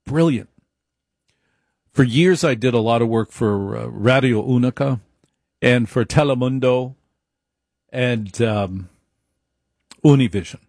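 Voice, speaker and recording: A man's voice: medium pitch, takes it slowly, gravelly, long pauses, darkish tone, dry recording, studio quality. A man giving an opinionated monologue, emphatic, repeating his points and wandering into asides.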